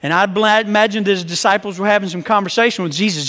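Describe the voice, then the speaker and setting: Middle-aged male pastor, high-pitched, emphatic storyteller, sermon in a reverberant hall. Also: quick pace, sharp tone. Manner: conversational, joking, emphatic storyteller. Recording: long reverb of a large hall.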